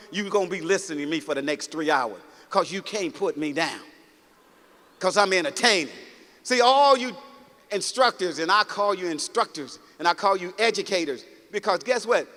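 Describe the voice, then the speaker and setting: Speaking a little fast in a sharp, high-pitched voice, a motivational speaker from Mississippi addresses a large hall. His preachy, story-driven talk includes calling out to the crowd, and the audience laughs with him.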